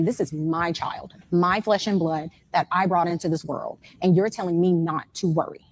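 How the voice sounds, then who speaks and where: A mother in her forties recounts her son's disappearance to an interviewer. Her voice sits on the low side. She tells it in a lively, emotional way and slips into the voices of the people she talked to. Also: moderate pace. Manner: animated storytelling that acts out the other people's words. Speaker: mother of a missing young man, interviewee. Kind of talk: emotional first-hand account in an interview.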